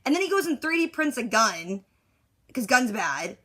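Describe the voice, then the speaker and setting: A woman's voice: a little high, big pitch swings, normal speed, fairly bright tone, husky. A woman rambling through an exasperated, casual rant that recaps a movie, with lots of "like" fillers. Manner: exasperated, rambling, heavy use of "like". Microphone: device recording her side of a phone call.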